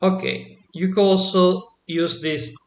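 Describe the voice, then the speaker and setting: A man teaching an online Spanish lesson, explaining slowly and patiently and checking in with "yeah?" after his examples. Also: high voice, steady tone, roomy sound.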